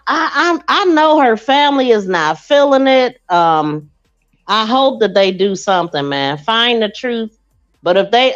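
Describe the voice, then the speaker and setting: A woman hosting a true crime livestream podcast, chatting casually with her listeners. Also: fairly high pitch. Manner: chatty, addresses listeners as y'all. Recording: dull lo-fi stream audio.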